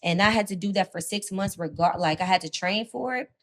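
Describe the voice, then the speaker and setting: A young woman, a radio personality and guest, telling her story in a casual, animated way with heavy slang and swearing. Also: mid-range voice, a little fast. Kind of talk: casual chat.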